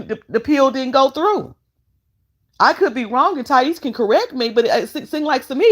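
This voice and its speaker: A woman hosting a casual live stream, fussing at her guest and chatting to her viewers. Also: sits high. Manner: sassy, fussing, talks straight to chat. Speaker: vlogger host.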